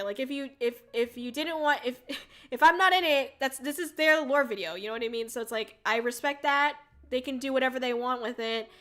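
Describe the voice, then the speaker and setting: A woman's voice: high voice, bright, forceful tone. A young woman streamer telling a rambling story in casual chat, full of "like" and "um", swearing and laughing often. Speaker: VTuber streamer.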